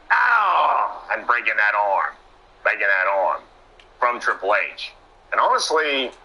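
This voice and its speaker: Bright, excitable wrestling commentator man. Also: low-quality recording. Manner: excitable, exclamations and sudden pitch jumps. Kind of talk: play-by-play commentary.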